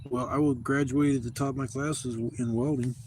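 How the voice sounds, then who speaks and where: A man's voice: medium pitch, fairly even intonation, a little fast, a little mellow, a little hiss or hum. A man in his fifties telling rambling, profane stories in a casual vlog from a campsite. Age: 50s. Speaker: camping vlogger. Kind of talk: casual storytelling to camera. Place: outdoors at a campsite.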